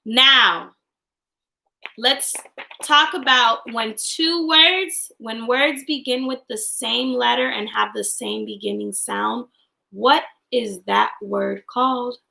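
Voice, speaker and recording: A young woman teacher leads a class online in a cheerful sing-song voice. She draws her words out slowly and chants along with the children. Her tone is bright, with a gravelly edge. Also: a little high, low-quality recording. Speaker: kindergarten teacher. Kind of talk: online class livestream, singing and chanting phonics.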